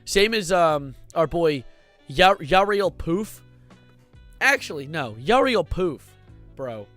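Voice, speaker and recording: A young man streaming casual commentary, excitable and rambling, swearing and breaking into sudden loud outbursts. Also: a little high, takes it slowly, faint music behind.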